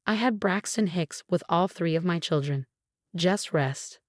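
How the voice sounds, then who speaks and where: A woman's voice: lowish voice, measured pace, dry recording, clean studio sound, natural voice. A woman reading as an icy, snobbish mother-in-law. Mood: cold, dismissive. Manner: smooth, icy, dismissive.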